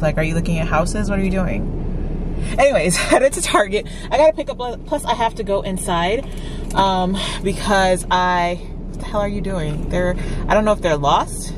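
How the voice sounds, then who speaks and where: A woman's voice: fairly low pitch, animated, moderate pace, background noise. A woman vlogger chatting casually to her viewers, ranting with exasperation. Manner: talks straight to viewers.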